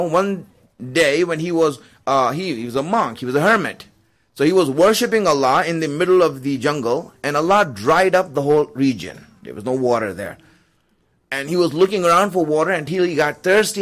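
A man's voice: fairly high pitch, fairly bright tone. A man preaching a storytelling sermon in a loose, conversational way, full of asides and chuckles. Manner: conversational, fillers, chuckles while telling.

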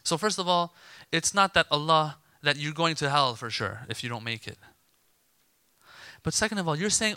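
A man preaching a sermon to a gathered crowd, animated and emphatic, acting out imagined dialogue to make his points. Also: on the high side, normal speed, smooth, no echo.

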